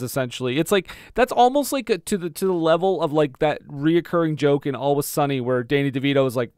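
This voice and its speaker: A man chatting as co-host of a podcast, full of fillers and laughs. His pitch swings a lot and sits a little high. The sound is dry and close. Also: quick pace, few pauses, clean tone, no echo. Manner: animated, laughs often, lots of fillers. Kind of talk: casual chat.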